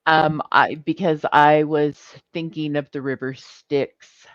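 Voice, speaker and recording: A podcast co-host talking in unhurried casual chat and laughing often. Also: mid-range voice, fairly even intonation, fairly bright tone, clean tone, no room sound, lo-fi sound.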